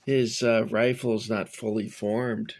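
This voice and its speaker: A middle-aged man casually showing his toy figures and rambling off on tangents with many pauses. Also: lowish voice, little pitch movement, vocal fry, darkish tone. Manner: rambling, digressive, many fillers. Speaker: toy collector reviewing figures. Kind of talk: casual show-and-tell.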